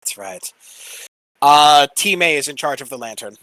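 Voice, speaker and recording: A man's voice: fairly high pitch, expressive, normal speed, bright, forceful tone, no echo, rough recording. A man playing a tabletop game, thinking aloud with hesitations as he decides his moves. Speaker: player.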